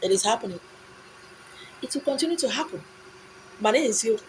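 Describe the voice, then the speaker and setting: A woman with a Nigerian accent, speaking in a fairly high voice. She lectures with impassioned, insistent repetition and answers her own rhetorical questions. A faint background hiss sits under the voice. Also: expressive, fairly quick, poor audio. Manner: repetitive, insistent phrasing with pidgin asides. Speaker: speaker giving a monologue. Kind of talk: impassioned monologue.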